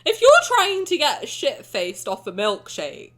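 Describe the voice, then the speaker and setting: A woman's voice: on the high side, very animated, unhurried, fairly bright tone. A young woman streamer chatting casually in a reaction stream, teasing and blunt, swearing freely and laughing often.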